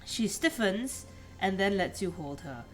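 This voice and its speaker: A woman's voice: medium pitch, big pitch swings, measured pace, music in the background. A woman co-hosting a let's play stream, chatting and reading the game's narration aloud in an easy, slightly tired way. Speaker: streamer co-host.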